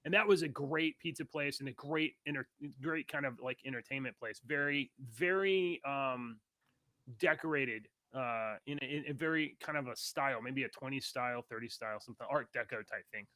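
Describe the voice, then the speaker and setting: A man from Texas co-hosting a casual podcast chat, telling stories in a chatty, animated way. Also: mid-range voice, moderate pace, no echo. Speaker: podcast co-host.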